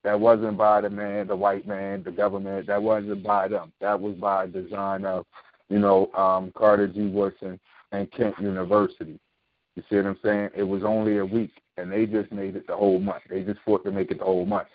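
A low-voiced man hosting a casual talk show, laying out his opinions in an emphatic, explanatory way. The sound is thin and phone-like, with no room echo at all. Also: level tone, moderate pace. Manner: emphatic, explanatory, frequent "you know what I mean".

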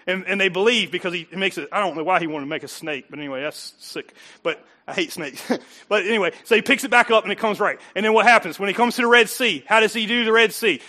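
A middle-aged male pastor preaching a sermon, animated and joking, acting out the people in his stories. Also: high voice. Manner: animated, joking, acts out voices.

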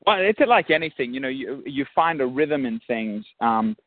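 A man's voice: medium pitch, lively intonation, normal speed, no echo. Australian male guest, reflective and restarting, on a dry phone-line recording. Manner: thoughtful, many restarts. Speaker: musician and actor, guest. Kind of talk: casual interview.

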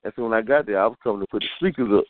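A man's voice: on the low side, rapid-fire, dry recording. A man co-hosting a casual podcast, telling stories with lots of acted-out quotes and laughter. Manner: animated storyteller, acts out quotes, laughs often. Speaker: podcast co-host. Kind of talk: casual storytelling banter. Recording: tinny phone-like sound with faint hiss.

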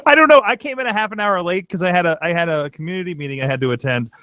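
Male podcast host, high voice, dry close mic, rambling and laid-back, home studio. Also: rapid-fire, pushed and bright, clean tone, no echo. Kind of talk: casual podcast chat. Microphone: webcam setup.

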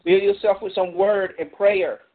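A man's voice: high voice, fairly even intonation, moderate pace. Encouraging male Bible-study host on a phone line. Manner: encouraging, preacherly, gives exhortations. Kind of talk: encouraging church talk on a group call. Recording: tinny phone-line audio.

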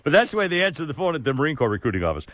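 A man's voice: fairly high pitch, sing-song, very fast, a bit bright, no echo. A middle-aged man hosting a talk radio show, brash, joking and rambling. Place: radio studio.

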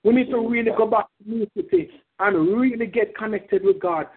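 High-voiced fervent male preacher. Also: brisk, husky. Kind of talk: sermon. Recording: tinny phone-like sound.

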